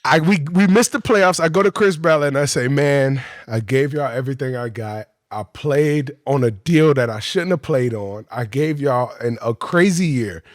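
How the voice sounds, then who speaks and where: A man telling his football career story on a podcast, animated, profane and slangy. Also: medium pitch, moderate pace, hardly any pauses, no room sound, clean studio sound.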